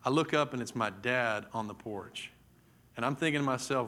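Preacher, middle-aged man, sermon storytelling, mid pitch, dramatic delivery. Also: brisk, bright, forceful tone. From Texas. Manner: vivid, dramatic storytelling with acted-out quotes.

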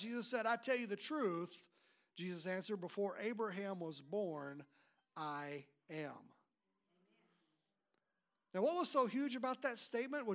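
A man's voice: extremely high pitch, fairly bright tone. A man preaching an emphatic sermon as pastor, often repeating and restarting his words.

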